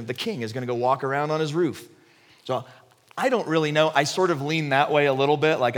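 A man preaching a conversational sermon, retelling the story animatedly and dropping his voice low for emphasis. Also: big-room sound.

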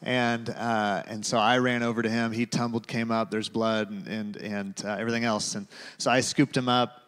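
A man's voice: fairly low pitch, level tone, moderate pace, clean tone. Man preaching in a reverberant hall. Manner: conversational, with many fillers, dropping to a hush for quotes. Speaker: pastor. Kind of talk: sermon with personal storytelling. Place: large church auditorium.

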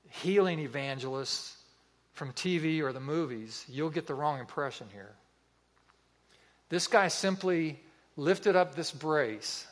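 A man's voice: on the high side, a bit bright. Earnest male preacher telling a story. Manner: earnest, vivid storytelling with pauses. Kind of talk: sermon storytelling.

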